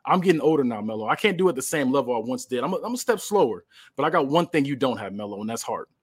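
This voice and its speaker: A man voicing an aging veteran wrestler who answers a rival with calm defiance. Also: mid-range voice, rapid-fire, husky, no room sound, clean studio sound. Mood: defiant. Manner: defiant, calm trash talk. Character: aging veteran male wrestler, proud and determined.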